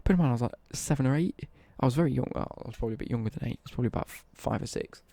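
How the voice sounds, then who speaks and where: Young English male streamer, dark husky gravel, casual rambling anecdote, swears freely. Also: mid-range voice, rapid-fire, dry recording. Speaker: livestreamer. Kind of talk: casual storytelling on a livestream.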